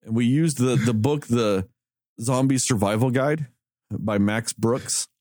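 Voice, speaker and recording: A man telling stories in casual podcast chat, animated and swearing, quoting people in a raised voice. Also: medium pitch, a little slow, no room sound, studio quality. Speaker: podcast co-host.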